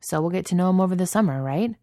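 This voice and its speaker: A woman's voice: lowish voice, animated, fast talker, dark tone, no room sound, studio quality, pitched above the performer's own voice, natural voice. A woman reading as an easygoing young man. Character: young man, easygoing, matter-of-fact friend.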